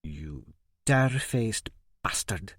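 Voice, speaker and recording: A man voicing a cruel, scornful woman torturer who taunts and yells threats. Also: on the low side, lively intonation, takes it slowly, slightly rough, dry recording, clean studio sound, exaggerated voice. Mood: growling. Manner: taunting, then shrieking threats.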